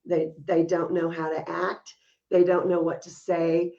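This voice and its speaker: A woman's voice: on the low side, flat delivery, unhurried, vocal fry, dark tone, muffled recording. A woman co-hosting a podcast, telling stories in casual chat and laughing often as she talks. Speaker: podcast co-host.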